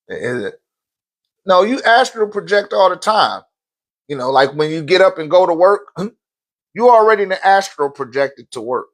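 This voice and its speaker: A man, teaching in a casual, animated storytelling way. His voice sits high and swings widely in pitch, and he acts out the people he quotes and laughs often. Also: normal speed. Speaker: spiritual teacher.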